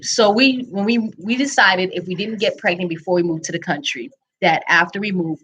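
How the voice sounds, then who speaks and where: A woman's voice: fairly low pitch, fairly bright tone, dull audio. Candid woman telling her faith story. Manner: candid, reflective, frequent ums and restarts. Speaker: speaker sharing her story. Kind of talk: personal testimony, casual storytelling.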